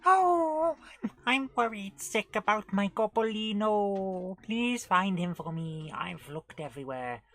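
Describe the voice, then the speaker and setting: A woman doing a slow, theatrical old witch with a bad Welsh lilt. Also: mid-range voice, animated, a bit bright, voice pushed up. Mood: worried. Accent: put-on, poor Welsh imitation. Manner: slow, drawn-out, theatrical pleading.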